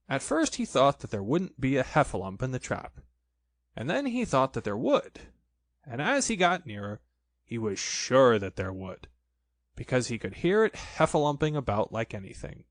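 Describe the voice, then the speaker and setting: A man reading a children's storybook aloud in an expressive, playful way. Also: mid-range voice, measured pace, no echo, studio quality. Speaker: narrator.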